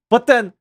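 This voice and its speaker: A man's voice: no room sound, clean studio sound. A man, a game streamer rambling animatedly in casual chat, laughing often. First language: Korean.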